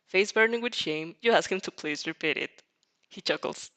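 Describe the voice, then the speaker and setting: A woman's voice: fairly low pitch, moderate pace, bright, forceful tone. A young woman reading a fanfic aloud and reacting to it, giggling often and stumbling over words. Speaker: fanfic reader.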